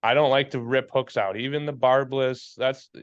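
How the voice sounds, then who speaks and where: A man's voice: medium pitch, steady tone, normal speed, dull audio. Fired-up, swearing fly-fishing podcast man. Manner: blunt and fired up, swears freely, preachy. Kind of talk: casual chat.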